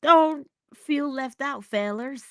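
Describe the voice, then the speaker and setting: A woman's voice: high-pitched, slow, pushed and bright, no echo, studio quality. A woman giving a motivational talk in a playful, theatrical manner. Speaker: inspirational speaker.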